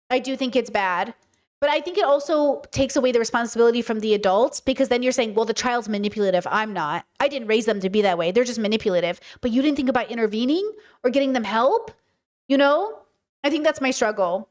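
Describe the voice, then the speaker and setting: A woman hosting a casual livestream, talking emphatically with rhetorical questions and answering her chat. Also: on the high side. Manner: many fillers and restarts, rhetorical questions. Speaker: streamer and podcast host.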